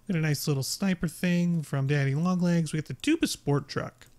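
A man giving excitable, chatty commentary over his own gameplay, exclaiming often. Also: a little high, fairly quick. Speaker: gaming YouTuber. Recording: game gunfire behind voice. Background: game gunfire and explosions.

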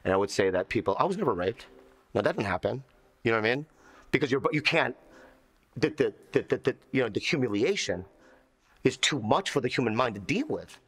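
A man with an even, mid-range voice talking earnestly. He stumbles and repeats words as he works through a painful memory. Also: medium pitch, fairly quick, husky. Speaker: comedian. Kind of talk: documentary interview.

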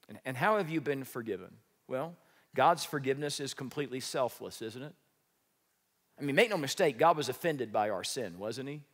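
A man preaching a sermon as pastor, lively and joking, sometimes acting out what people say. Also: mid-range voice. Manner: lively, joking, acts out quoted speech. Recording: reverberant church hall.

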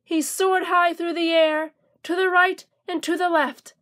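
A woman reading a children's storybook aloud in a slow, gentle, expressive way. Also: very high voice.

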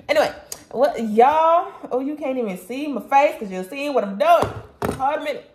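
A woman's voice: high voice, expressive, normal speed, roomy sound, noisy background. A woman vlogger chatting casually to her viewers, calling them y'all and baby. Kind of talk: casual chat to camera.

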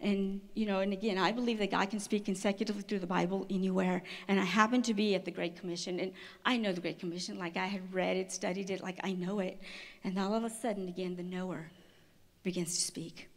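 A woman speaker giving a personal testimony talk at a women's conference, telling her story with quick restarts and laughter. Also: mid-range voice, fairly even intonation, vocal fry.

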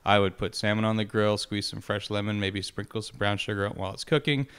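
Fast-talking smooth-voiced male chef. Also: on the low side, steady tone, a bit bright. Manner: informative, explains food with easy enthusiasm. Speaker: guest chef. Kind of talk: casual chat.

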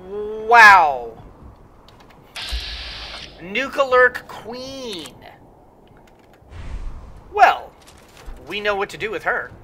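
A let's play host giving rambling gameplay commentary, full of fillers and excited exclamations. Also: medium pitch, very slow, long pauses, a little hiss or hum.

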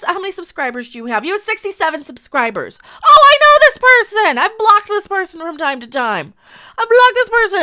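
A woman's voice: high-pitched, sharp tone. A woman ranting angrily in a commentary video, repeating herself and swearing constantly. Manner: angry, exasperated ranting with heavy swearing and repetition. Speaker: YouTube commentator.

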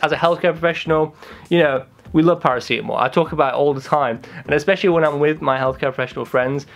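Upbeat man, slightly high voice. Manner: upbeat and energetic. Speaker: pharmacist host. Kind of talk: casual YouTube comment-response chat.

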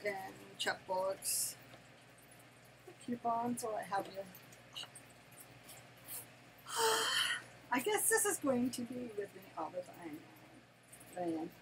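At home near her desk, an older woman, a grandmother, chats casually through an unboxing, gushing and excitable, laughing often and squealing with delight. Her voice is medium in pitch, with a noisy background.

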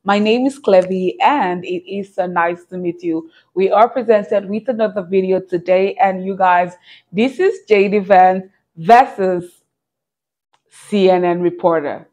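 A woman's voice: medium pitch, measured pace, darkish tone. A woman hosting her own channel, giving a friendly, upbeat intro to viewers. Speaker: channel host. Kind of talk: casual video intro. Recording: dull lo-fi recording.

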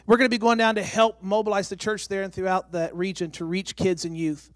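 A high-voiced man gives a heartfelt testimony from a church platform, speaking emphatically and near tears. His voice sounds close and dry, with hardly any room echo. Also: a little fast. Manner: excitable, emphatic, breaking toward tears. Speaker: missionary and former pastor. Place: church sanctuary.

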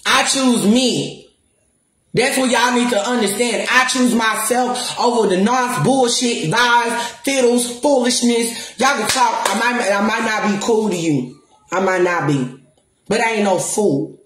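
A woman's voice: fairly high pitch, unhurried. A woman ranting straight to the camera as a spiritual counselor, profane and defiant, pressing her points again and again. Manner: profane, defiant, repeats and stresses her words. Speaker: spiritual counselor and music promoter. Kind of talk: confrontational rant to the camera. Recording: roomy echo.

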